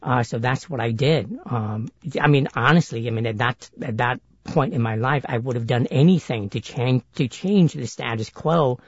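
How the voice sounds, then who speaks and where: A middle-aged man with a higher-sounding voice, telling stories as a guest in an interview, hesitant with many restarts. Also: normal speed, hardly any pauses, slightly rough, no room sound, lo-fi sound. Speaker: guest, actor and author. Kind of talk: interview storytelling.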